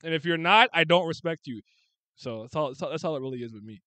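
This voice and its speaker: A man hosting a casual sports chat, blunt and animated, swearing freely and restarting his sentences. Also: fairly high pitch, quick pace, no room sound.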